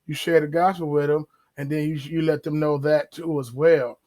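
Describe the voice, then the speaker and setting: A man hosting a podcast, talking casually about faith with drawn-out emphasis and acted-out asides. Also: a little high, fairly even intonation, a little mellow. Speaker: podcast host. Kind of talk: casual religious commentary.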